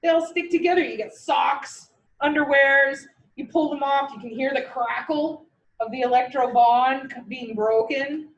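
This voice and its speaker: A woman's voice: high-pitched, measured pace, lo-fi sound. A woman with a Canadian accent, teaching a class in a chatty, joking and encouraging way. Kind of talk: online class lecture.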